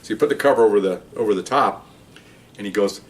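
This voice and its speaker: A man's voice: lowish voice, quick pace, far from the mic. An older man, a retired police officer, casually telling a profane story and acting out the voices of the people in it. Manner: rambling, profane, acts out the voices in his story.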